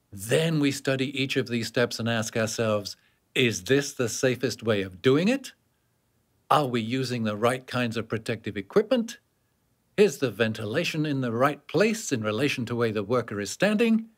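In scripted narration for a workplace safety training course, a man with a mid-range voice explains things step by step, posing questions and answering them himself.

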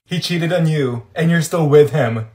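A man with a voice pitched a little higher than most men's, acting out short comedy skits. He jumps between several schoolgirl characters, mostly chatty and gossipy, then bursts into sassy, shouted comebacks. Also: moderate pace. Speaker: comedy sketch creator.

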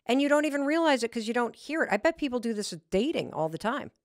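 Woman podcast host, bouncy lively pitch, dry close sound, chatty and excited. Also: no echo. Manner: enthusiastic, quick reactions. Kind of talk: casual interview chat.

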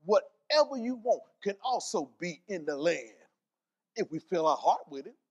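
A high-voiced male pastor preaches in church, his delivery swelling as he stacks up repeated phrases. He moves between quiet, low asides and loud, emphatic bursts while reading and explaining scripture. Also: sing-song, moderate pace, muffled recording. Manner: preaching with rising, emphatic repetition and scripture quotes. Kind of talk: sermon.

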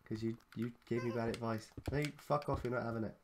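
A man's voice: mid-range voice, steady tone, fast talker, hardly any pauses, a little mellow, slight background noise. A man teasing his co-player in a casual, sweary gaming chat. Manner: sweary, playful, teasing banter. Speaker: gamer co-host.

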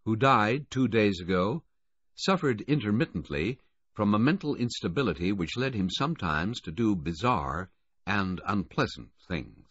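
Brief: man reading a strained, controlled father, husky and steady. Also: on the low side, moderate pace, dry recording, voice pushed up. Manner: even, controlled but strained. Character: grieving, strained wealthy older father. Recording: dull, dry lo-fi audiobook recording.

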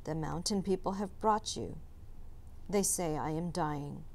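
A woman's voice: fairly low pitch, lightly acted. A woman doing a frail, weak old shaman. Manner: weak, slow and quiet.

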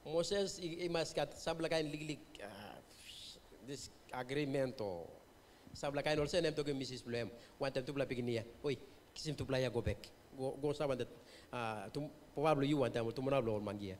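A man's voice: medium pitch, moderate pace, a little hiss or hum. A male pastor with a Papua New Guinean accent preaching a revival sermon, switching between English and Tok Pisin and putting questions to the congregation. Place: church hall. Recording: long church-hall reverb.

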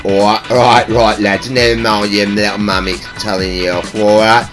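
A man's voice: level tone, moderate pace, over music. A man hosting casual game commentary into a headset mic, teasing his friend with mild swearing. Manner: teasing, swearing, mumbled low asides. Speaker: gaming channel host. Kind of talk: casual game commentary over party chat.

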